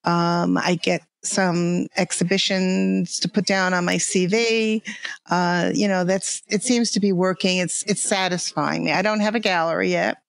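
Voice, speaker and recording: An older woman from the New York area with a New York accent, a guest artist talking casually in a halting way with many restarts. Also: fairly low pitch, fairly even intonation, creaky, dry recording. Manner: halting, many restarts and fillers, laughs easily. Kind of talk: casual interview chat.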